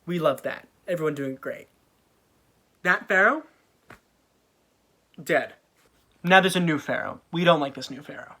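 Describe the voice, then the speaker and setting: A man's voice: a little high, a little slow, long pauses, sharp tone. A man casually retelling an old story in a jokey, slang-filled way with offhand asides.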